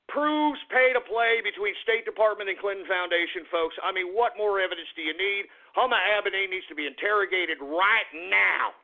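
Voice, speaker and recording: Male radio host, high-pitched, angry ranting, swearing, tinny phone-like audio. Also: normal speed, few pauses. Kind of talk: heated political talk radio rant. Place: home office.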